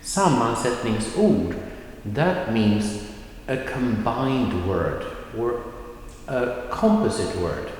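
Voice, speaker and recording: A man teaching a Swedish pronunciation video lesson at a whiteboard, explaining slowly and patiently and drawing out example words. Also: fairly low pitch, a little mellow. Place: classroom with whiteboard. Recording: roomy, echoey room with long reverb and faint noise.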